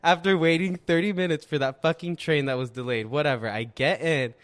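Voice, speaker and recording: A man co-hosting a podcast, telling stories in a casual, animated and heavily profane way. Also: on the high side, fairly quick. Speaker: podcast co-host.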